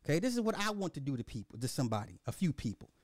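Casual: crude podcast guy riffing a story, highish voice, very dry sound. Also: very fast, dry recording. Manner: profane, animated, repetitive storytelling. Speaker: podcast host. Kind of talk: dark comedic monologue.

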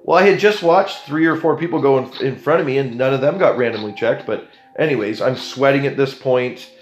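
Animated Canadian man telling a story. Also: mid-range voice, fairly quick, echoey room, lo-fi sound, faint music behind. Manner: animated, jumps into other people's voices. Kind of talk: casual storytelling to camera.

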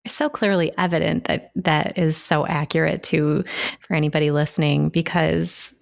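A woman's voice: low-pitched, fairly even intonation, moderate pace, vocal fry. A woman hosting a casual interview, encouraging and affirming her guest. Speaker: host, interviewer.

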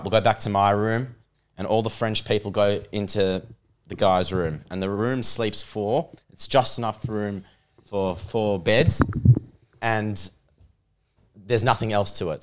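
A young Australian man telling a story on a podcast, animated and laughing as he goes. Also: lowish voice. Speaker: podcast guest. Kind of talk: casual storytelling.

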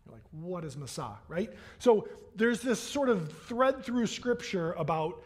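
A man's voice: high-pitched, lively intonation, a little slow, a little mellow. A man preaching a sermon as a pastor in a church, in a conversational way that keeps checking in with "right?" and acts out the voices he quotes.

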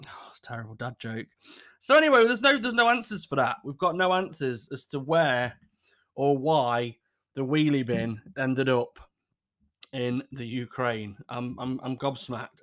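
Animated, sweary podcast host. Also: male voice, medium pitch, moderate pace. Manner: animated, swears freely, laughs often. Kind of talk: casual solo podcast chat.

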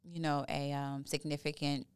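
A woman's voice: low-pitched, little pitch movement, normal speed, clean tone, no echo. A woman co-hosting a podcast in casual, emphatic chat, blunt and tipsy from champagne. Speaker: podcast co-host.

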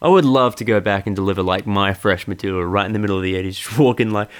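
A man's voice: on the low side, quick pace. A man hosting a podcast, ranting sardonically and profanely in a rambling, casual way. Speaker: podcast host.

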